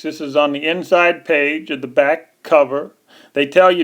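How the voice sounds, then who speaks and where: A man's voice: a little high, fairly even intonation, moderate pace, a bit bright. A man delivering an angry, ranting monologue, repeating and restarting his phrases as he pushes his point. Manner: indignant and repetitive, restarting phrases. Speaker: video commentator.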